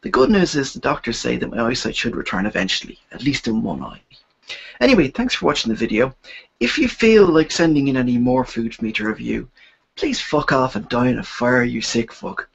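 A man with a husky, breathy voice speaks in a deadpan, mock-solemn way while reviewing food for comedy. His voice sits at an ordinary pitch. The sound is dull and lo-fi, as if taken from an old web video. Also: fairly quick.

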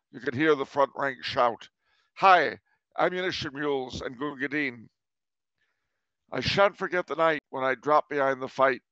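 A man's voice: mid-range voice, a bit bright, no echo. A man voicing a grizzled Victorian British army soldier, reciting verse in a put-on, self-described bad British accent. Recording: dull lo-fi recording.

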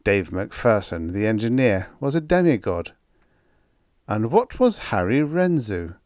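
A man narrates a vintage science fiction audiobook in a measured, dramatic style. His voice is fairly low and swings widely in pitch as he builds the scenes. The recording is dry and close, with no room sound. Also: very animated, a little mellow, no echo.

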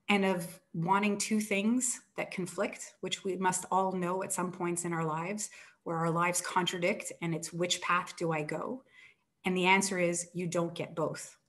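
An author, a woman, retelling an old tale with animated storytelling and acted-out quotes. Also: on the low side. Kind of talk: book talk, retelling a story.

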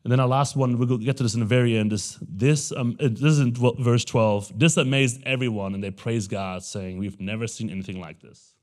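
A man's voice: mid-range voice, fairly even intonation, brisk. Man preaching in a conversational way. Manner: conversational preaching, acts out voices of people in the story. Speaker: pastor. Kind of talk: sermon. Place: church sanctuary.

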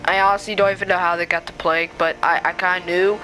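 A woman voicing a calm, lazy, rule-breaking male sorcerer in a homemade comic skit, talking low and hesitantly with many ums. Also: quick pace, faint music behind, rough recording. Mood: confessing.

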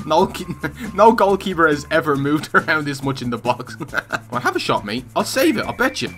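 A young man giving casual, excitable gameplay commentary, swearing and laughing often. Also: on the high side, normal speed, soft background music. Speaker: gaming YouTuber.

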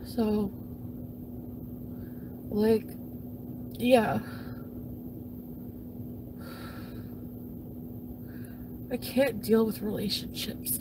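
A woman's voice: high-pitched, background noise. A woman doing a foul-mouthed, jilted streamer. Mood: deflated. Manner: profane, swings between yelling and mumbling. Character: jilted, furious woman streamer, crude and self-pitying. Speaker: puppet comedy performer. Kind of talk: comedic impression of a livestream rant.

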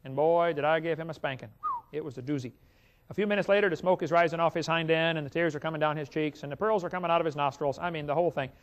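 A man's voice: fairly high pitch, fast. A male evangelist preaching to an audience, telling a folksy story and speaking to the listeners directly. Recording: dull lo-fi recording.

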